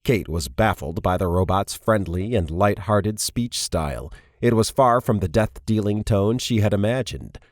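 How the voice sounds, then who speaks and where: Male audiobook narrator, very low voice, lively delivery, dry studio sound. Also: moderate pace, hardly any pauses, no echo. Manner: steady storytelling, varied character reads. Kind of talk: scripted narration.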